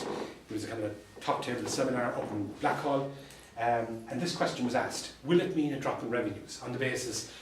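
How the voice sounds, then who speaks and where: An Irish solicitor and mediator giving an anecdotal talk to fellow professionals, telling stories with dry humour and repeated punchlines. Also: male voice, medium pitch, darkish tone, slight background noise. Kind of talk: anecdotal presentation to a professional audience. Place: meeting room. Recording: distant mic in an echoey room.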